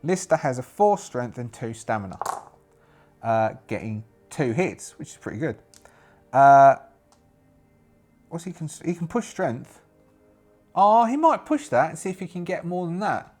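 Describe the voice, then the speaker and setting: A man's voice: on the high side, big pitch swings, a little slow, long pauses, a little mellow, faint music behind. A British man running a solo tabletop game, hesitant and thinking aloud with many fillers and restarts. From Britain.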